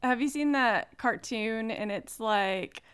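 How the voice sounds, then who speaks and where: A woman's voice: a little high, slow, fairly bright tone, clear, resonant tone. A woman in her thirties co-hosting a casual podcast, talking chattily with lots of fillers and laughter. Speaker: podcast co-host. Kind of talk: casual chat.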